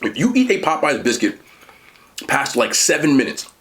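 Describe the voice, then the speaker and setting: A man talking casually while eating and reviewing fast food, chatty and animated, pausing to chew. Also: on the high side.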